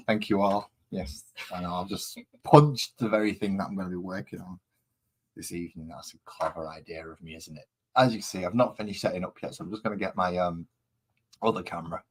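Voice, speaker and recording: Setting up and painting on a live stream, a man with a West Midlands accent rambles casually and makes fun of himself in a deep, slightly rough voice.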